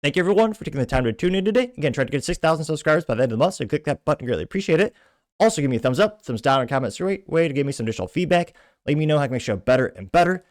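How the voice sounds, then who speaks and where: Fast-talking male show host, dry sound. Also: on the high side, sing-song, no room sound. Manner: rapid, emphatic, scornful commentary. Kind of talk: reading and commenting on social media posts.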